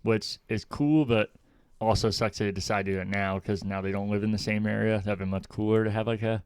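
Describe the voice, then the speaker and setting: An easygoing man co-hosting a podcast, talking conversationally and moving the talk along. His voice is fairly low, smooth and resonant. The sound is dry and close to the mic. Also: fairly even intonation, brisk, no echo. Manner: easygoing, conversational, steers the topic. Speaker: podcast co-host. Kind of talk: casual chat. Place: remote recording, like a video call.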